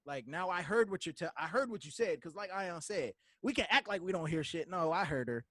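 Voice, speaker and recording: A man co-hosting a casual podcast, telling animated stories and acting out quoted dialogue. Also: high-pitched, brisk, dry recording. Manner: laughing, joking with cohosts. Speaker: podcast co-host.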